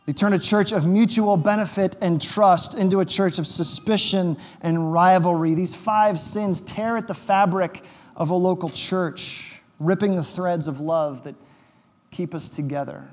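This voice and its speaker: A man's voice: high voice, fairly even intonation, a little slow. A man preaching a sermon as pastor, conversational and emphatic, with wry quips. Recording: long hall reverb.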